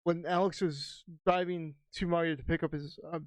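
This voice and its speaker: A man's voice: a little high, fairly even intonation, normal speed, dry recording. A man co-hosting a podcast in casual chat, agreeing and sounding exasperated, with some swearing. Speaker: podcast co-host.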